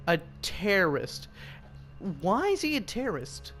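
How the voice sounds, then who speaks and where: A young man from the United States with a slightly high voice rambles through loose, profane gameplay commentary. He hops from one topic to the next with offhand asides. Clear music plays behind him. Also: huge pitch swings, measured pace, a bit bright. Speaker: gaming commentator. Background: music and gunfire from a game.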